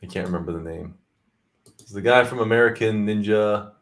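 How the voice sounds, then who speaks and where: A man co-hosting a live stream, trading jokes and riffs in casual banter. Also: fairly low pitch. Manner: joking, quick with riffs and bits. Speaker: podcast co-host.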